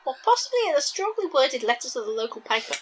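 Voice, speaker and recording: A woman's voice: high-pitched, very animated, fast talker. A woman player speaking in a prim, scolding way in a tabletop game.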